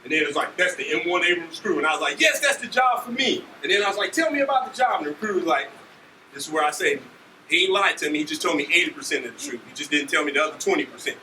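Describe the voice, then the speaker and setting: A man in his forties from Ohio, an army leader telling students animated stories and often asking "right?". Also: a little high, very fast. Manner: animated, acts out scenes, keeps asking "right?". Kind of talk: motivational storytelling speech. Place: school auditorium. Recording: echoey hall from far off, faint noise.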